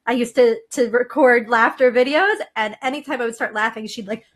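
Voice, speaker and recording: A woman's voice: on the high side, a little fast. A woman guest in a casual podcast conversation over a video call, playful and laughing often as she talks.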